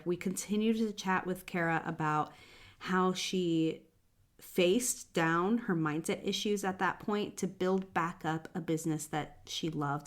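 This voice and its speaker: Woman podcast host wrapping up. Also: on the low side. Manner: upbeat, promotional. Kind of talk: podcast outro promotion.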